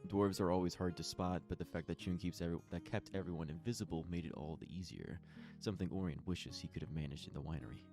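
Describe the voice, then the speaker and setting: Man, game master, very deep voice, descriptive narration, guitar music behind. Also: fast talker, few pauses, warm tone. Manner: descriptive scene-setting with frequent fillers.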